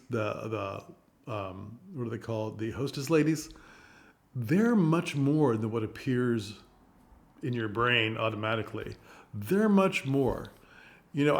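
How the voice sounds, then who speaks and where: Rambling man talking theater. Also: mid-range voice. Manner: rambling, thinks aloud, animated asides. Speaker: theater reviewer. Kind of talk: casual spoken review.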